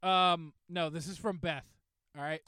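High, bright-voiced young man bantering. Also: moderate pace, clear, resonant tone, dry recording, studio quality. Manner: animated, mock-outraged teasing. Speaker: podcast co-host. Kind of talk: casual podcast banter.

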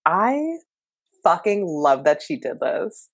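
A woman's voice: deep voice, animated, slow pace, breathy edge, dry recording. A woman co-hosting a casual chat, blunt, swearing a lot and laughing often.

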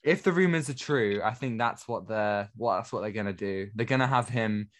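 A man's voice: lowish voice, moderate pace. A man co-hosting a film podcast, giving opinions in a casual, conversational way. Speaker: podcast co-host. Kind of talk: casual chat.

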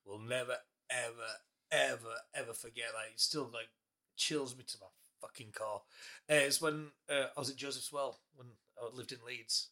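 A man's voice: mid-range voice, steady tone, normal speed, pushed and bright. A man hosting a casual podcast, joking, laughing and swearing as he tells stories. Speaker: podcast host.

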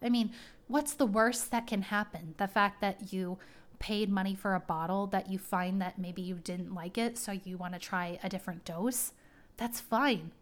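A woman's voice: medium pitch, steady tone, moderate pace. A woman hosting her own podcast, talking casually and at length in a rambling, heartfelt way. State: tearing up. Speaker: podcast host. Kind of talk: casual personal talk.

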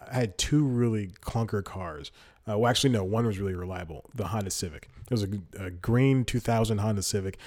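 A man's voice: fairly low pitch, darkish tone. A young man hosting a podcast, telling casual stories on his own, rambling, correcting himself and laughing often mid-sentence. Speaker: podcast host. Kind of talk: casual solo storytelling.

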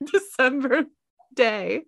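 A young woman co-hosting a casual podcast, chatting in a relaxed way and laughing easily. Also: sits high, very slow, creaky, dry recording, studio quality. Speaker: podcast co-host.

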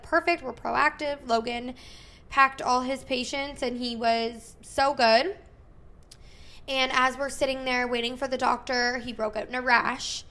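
Woman, thirties, podcast host; chatty storyteller, lots of "like", slightly high pitch. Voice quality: frequent "like" fillers, animated retelling with quoted dialogue. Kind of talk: casual storytelling chat.

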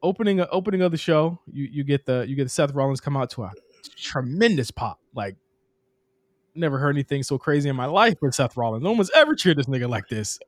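A young man co-hosting a casual wrestling podcast, talking fast and profanely and laughing often. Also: mid-range voice, lively intonation, no echo. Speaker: podcast co-host.

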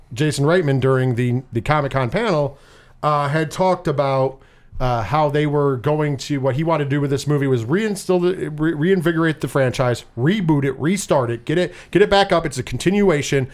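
A man with a slightly high voice rambles through a casual movie review podcast. He talks in an animated way, restarting sentences and dropping swear words as he goes.

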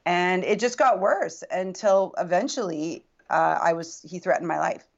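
A woman's voice: fairly low pitch, moderate pace, creaky, lo-fi sound. A woman guest recounting a personal story in earnest, reflective casual conversation. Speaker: podcast guest.

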